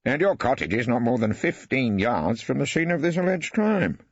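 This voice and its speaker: A wry old barrister, voiced by a male reader, cross-examines with arch, ironic courtesy. His husky voice swoops widely in pitch, recorded dry and a little dull. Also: sing-song, normal speed, no echo. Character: wry elderly male barrister, mock-polite. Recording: dry, slightly dull studio.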